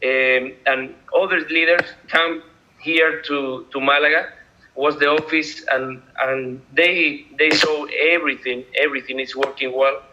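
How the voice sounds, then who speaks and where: Bright-voiced man, hesitant English. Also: on the high side, steady tone, measured pace, highs cut off. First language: Spanish. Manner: hesitant, searching for words in English. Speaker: guest speaker from the office. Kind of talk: online video call talk.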